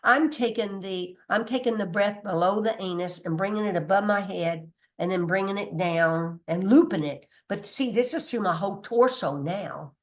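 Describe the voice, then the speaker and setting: Speaking at medium pitch and normal speed with hardly any pauses, a woman gives a casual spiritual talk. She's talkative and emphatic, laughs a lot, swears mildly, and occasionally reads from notes or loses track and restarts.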